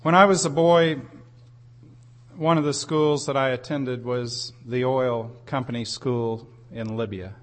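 A man delivers a sermon at a very unhurried pace, weaving a personal story into his teaching. His mid-range voice turns earnest and emphatic as he lifts certain phrases. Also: medium pitch, steady tone. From United States. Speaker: preacher.

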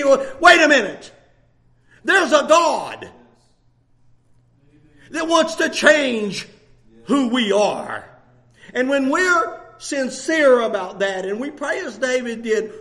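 A man preaching a sermon with passion, often shouting and laughing as he speaks. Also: very high voice.

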